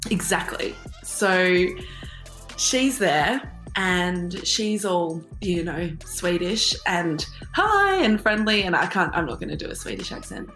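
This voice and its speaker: A woman's voice: on the low side, sing-song, slow, a bit bright, reverberant, faint music behind. A woman guest on an interview podcast, telling a personal story wryly and often laughing as she goes.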